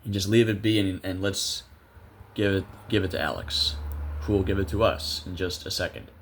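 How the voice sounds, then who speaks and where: Low-voiced young man casually commentating gameplay. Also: steady tone, moderate pace, a little hiss or hum. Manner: chatty, self-amused, thinks aloud with many fillers. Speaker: gameplay video creator.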